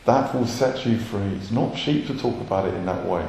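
A man's voice: fairly low pitch, normal speed, creaky, a little mellow, a little hiss or hum. A man, a messianic rabbi, preaching an earnest sermon and acting out short quotes. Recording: roomy echoey hall.

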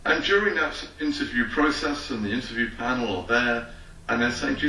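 A man's voice: mid-range voice, fairly quick, recorded from a distance, a little hiss or hum. A man preaching a sermon as a rabbi, reading scripture, then acting out imagined conversations. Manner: reads scripture aloud, then preaches with lively acted-out voices. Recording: roomy echo from away from the mic.

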